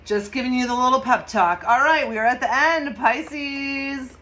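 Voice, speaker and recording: In a high-pitched voice at a moderate pace, a woman hosts a laid-back tarot and astrology reading. She chats emphatically, laughs often, and bursts into loud mock yells, all captured on a low-quality recording.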